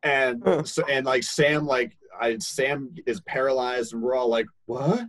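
A man's voice: medium pitch, unhurried, dry recording, rough recording. Laid-back young man telling a story. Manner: animated, laughing, acts out quoted voices. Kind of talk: casual storytelling.

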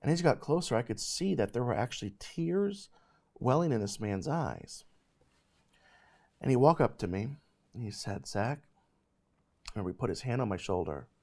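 A man in his thirties, host of a ministry show, telling a personal faith testimony in an animated, emphatic way. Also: medium pitch, normal speed, long pauses. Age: 30s.

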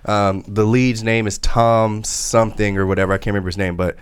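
Smooth, low-voiced man in casual podcast chat. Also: fairly even intonation, brisk, no room sound. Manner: casual, swears, many restarts. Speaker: podcast co-host.

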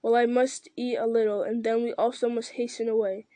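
A woman voicing a noble, weary male ranger-king in a solemn, measured reading with small slips. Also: on the high side, level tone, mellow, no echo, natural voice.

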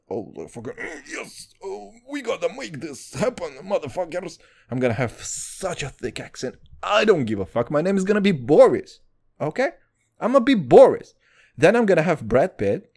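A young man doing a rambling, profane comic monologue, jumping between voices and pitches as he riffs. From Israel. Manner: profane, excitable, riffing with sudden jumps in pitch.

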